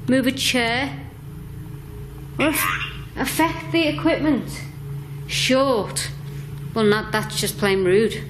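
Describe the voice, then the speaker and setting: A woman investigating a haunted building, calling out slow, coaxing questions to a spirit. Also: fairly high pitch, animated. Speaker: paranormal investigator. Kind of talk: ghost-hunting calls to spirits. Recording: noisy location recording.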